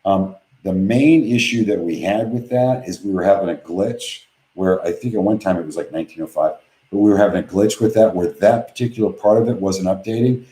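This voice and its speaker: A man's voice: low voice, brisk, warm tone, echoey room, rough recording. A man hosting a live webinar from home, reading viewer questions aloud and answering them bluntly and offhand. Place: home office.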